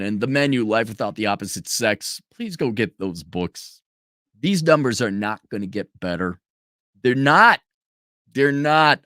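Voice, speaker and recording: A sarcastic man rants on a commentary stream, his pitch leaping up and down as he swears and mocks. His voice is dry and close, with no room sound around it. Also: a bit bright, smooth, dry recording. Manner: profane, sarcastic, swings into mocking voices. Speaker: commentary show host. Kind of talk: livestream rant commentary.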